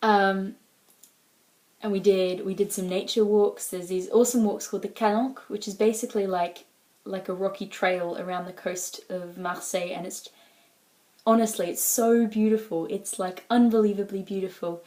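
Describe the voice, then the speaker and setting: A woman's voice: medium pitch, fairly even intonation, moderate pace, a little mellow. A woman with an Australian accent talking casually to the camera in a personal vlog, rambling along with lots of "like" and "um". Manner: chatty, rambling, full of "like" and "um". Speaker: exchange student vlogger.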